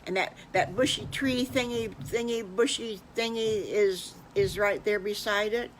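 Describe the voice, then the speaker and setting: A woman's voice: medium pitch, measured pace, a little hiss or hum, pitched above the performer's own voice, lightly acted, low-quality recording. An older woman voicing a shy, sad young male wolf who stammers and repeats his words. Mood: hesitant.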